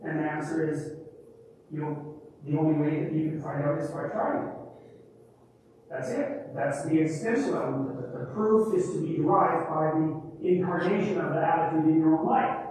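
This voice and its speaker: A man's voice: a little high, normal speed, a little mellow, slight background noise. Man lecturing through a distant hall. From Canada. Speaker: public speaker. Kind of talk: lecture clip. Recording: video clip played in a hall, heard from far off.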